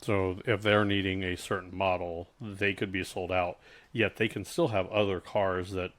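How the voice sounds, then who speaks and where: A podcast co-host chats casually about customer service, speaking haltingly and often restarting his sentences as he draws on his work experience. His male voice sits low, with a level and fairly bright tone.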